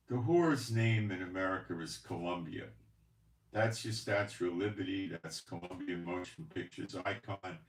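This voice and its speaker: Preachy man in an echoey room. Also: low voice. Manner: preachy, rhetorical questions. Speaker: channel host. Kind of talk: commentary monologue.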